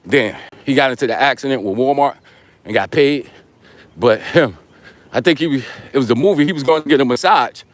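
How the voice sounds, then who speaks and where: A man in his forties with a New York accent hosts a casual live stream, walking as he talks. He speaks in loose street slang and teases viewers about their comments. His voice sits at an ordinary pitch and sounds close and dry. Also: brisk, dry recording. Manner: slangy, teasing, street talk while walking.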